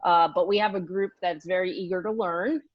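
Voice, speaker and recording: A woman health coach hosting an interview, asking questions in a halting way with many fillers. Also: lowish voice, steady tone, no room sound. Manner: halting, lots of "uh" and restarts. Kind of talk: casual interview. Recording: dry, dull lo-fi sound.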